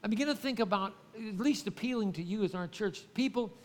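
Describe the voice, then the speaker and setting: A man's voice: high voice, brisk, long reverb tail. A male pastor preaching a conversational sermon, often calling out to the congregation and restarting his sentences.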